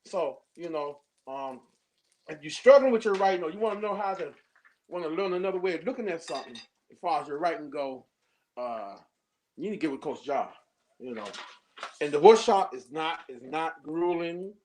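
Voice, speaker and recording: Man, high-pitched, animated, casual chat, acts out quotes. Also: normal speed, a little hiss or hum. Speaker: poet, workshop student.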